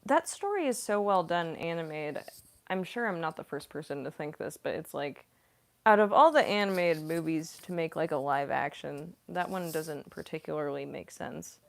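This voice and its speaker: A woman's voice: sits low, expressive, normal speed, creaky. A young woman voice actress chatting casually on a livestream Q&A, rambling and using lots of fillers. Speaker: voice actress and streamer.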